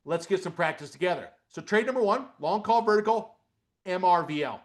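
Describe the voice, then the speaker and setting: A middle-aged man teaching a live trading webinar, animated, asking questions aloud and checking in with "okay?" as he goes. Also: high-pitched, a little fast. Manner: animated, repeats "okay?" and asks questions out loud. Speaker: trading coach.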